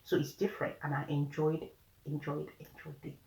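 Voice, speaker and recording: A woman's voice: low-pitched, completely flat delivery, normal speed, vocal fry, dark tone. A woman with a Nigerian accent tells a story casually, chatty and often laughing as she talks straight to her viewers. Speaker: vlogger. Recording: roomy room echo.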